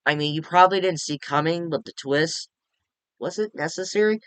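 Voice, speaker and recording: A man giving a rambling, profane, animated casual movie review. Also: on the high side, clean tone, dry recording.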